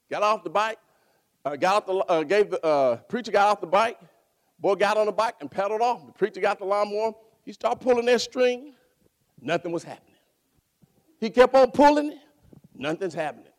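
A man preaching a sermon, animated, asking and answering his own questions and bursting into shouts. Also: on the high side, fairly quick.

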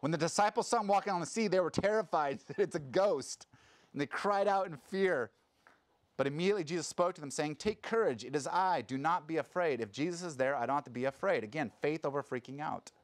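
A man giving a sermon as a pastor, talking casually and acting out quotes in a louder voice. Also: on the high side, fast talker. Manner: conversational, animated preaching with sudden loud acted quotes.

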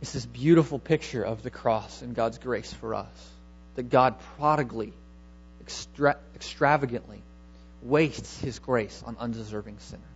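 A man's voice: medium pitch, moderate pace, lo-fi sound, slight background noise. A man preaching a sermon, emphatic, repeating key words and asking rhetorical questions.

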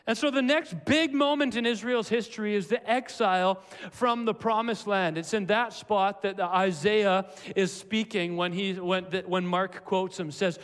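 A male preacher with a fairly high voice delivers an earnest, emphatic sermon. He hammers his points home by repeating the same phrases. His voice rings out with a long reverb, as if in a large hall. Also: moderate pace, clean tone.

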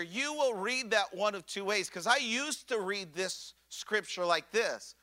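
A man preaching with fervor, his voice pitched high and ringing bright. He stumbles over repeated words as he builds, then swings between near-shouting excitement and soft, hushed moments. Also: a little slow. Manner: impassioned, swings from loud excitement to hushed softness. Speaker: pastor. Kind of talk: sermon.

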